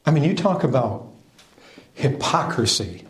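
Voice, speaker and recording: A man preaching a sermon as pastor, emphatic and animated, full of rhetorical questions and quick restarts. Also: mid-range voice, reverberant.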